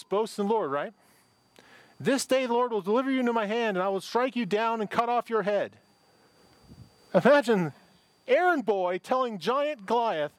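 A man's voice: high-pitched, no room sound. A middle-aged male pastor preaching a conversational sermon, reading scripture and adding informal asides with frequent repeated words. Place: church service with a parking-lot and online audience.

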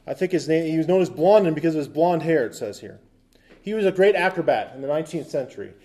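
A man's voice: a little high, expressive, quick pace, warm tone. A man preaching a sermon as pastor, talking conversationally with asides and quips, and reading scripture aloud with emphasis.

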